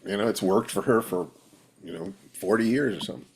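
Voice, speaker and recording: A man's voice: on the low side, a little fast, slight background noise. A man hosting a writing workshop over a video call, talking in an easygoing, affectionate, musing way. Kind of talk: casual workshop chat.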